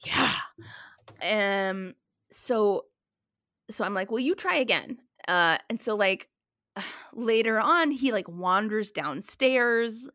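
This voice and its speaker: A woman in her thirties in casual chat, telling a story with lively quoted dialogue. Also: mid-range voice, slow pace, no echo, clean studio sound.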